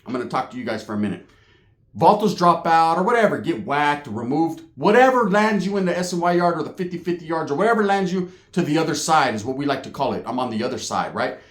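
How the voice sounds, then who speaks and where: A man hosting his channel, telling a street story in a casual, profane, animated way. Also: on the high side, fast talker. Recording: echoey room.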